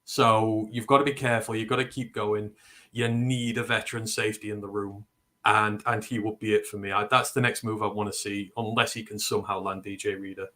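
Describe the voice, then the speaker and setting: A man from northern England with a Northern English accent, co-hosting a casual sports talk stream, animated and opinionated. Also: fairly low pitch. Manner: animated, opinionated, quick asides. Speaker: co-host.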